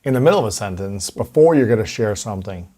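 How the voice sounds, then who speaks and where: Very deep-voiced woman summing up as host. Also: lively intonation, quick pace, warm tone. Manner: short affirming replies, sums up points. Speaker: interview host. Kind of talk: interview chat.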